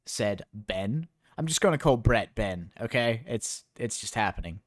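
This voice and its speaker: A man's voice: lowish voice, animated, unhurried. A man streaming a book reading, breaking off into sarcastic, rambling asides. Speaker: streamer reading a novel aloud. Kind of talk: reading aloud with sarcastic commentary.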